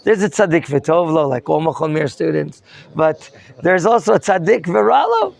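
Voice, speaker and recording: A man's voice: on the high side, sing-song, normal speed, creaky, darkish tone. A man teaching a Torah lesson as a rabbi, questioning his students and mixing in Hebrew terms. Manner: questions the students and prompts answers.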